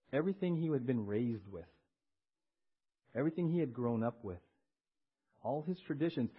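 Slightly high-voiced male pastor, lo-fi. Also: breathy edge. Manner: conversational, tags lines with "right?" and has the congregation respond. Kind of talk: sermon. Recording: dull lo-fi recording.

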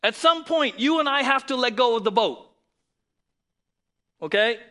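A man preaching a sermon in an animated, conversational way, often asking rhetorical questions. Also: very high-pitched, a little slow. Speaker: pastor.

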